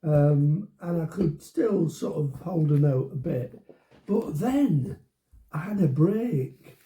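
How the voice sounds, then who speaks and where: Man in his seventies, very dark mellow voice, slightly raised pitch, echoey room, jokey. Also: animated, slow pace. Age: 70s. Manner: playful, jokey banter. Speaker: vlog co-host. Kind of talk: casual chat. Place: home.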